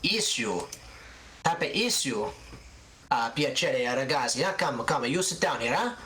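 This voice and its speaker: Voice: medium pitch, lively intonation, measured pace, a bit bright, slight background noise. A game master voicing an elderly Italian woman tailor who runs a fabric shop, talking in broken English and ending questions with "huh?". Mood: chatty.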